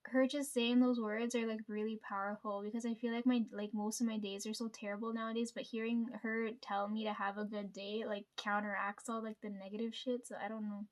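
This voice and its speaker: Woman vlogger with a high voice, rambling storyteller, swears a lot, leans on "like" and "right?". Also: level tone, brisk, hardly any pauses. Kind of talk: casual storytime chat.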